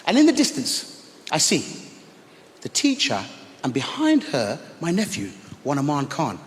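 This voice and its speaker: A man doing stand-up comedy, telling a story on a theatre stage and swinging between loud outbursts and hushed asides. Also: a little high, huge pitch swings, a little slow. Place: large theatre stage with audience. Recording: long theatre reverb, faint crowd noise.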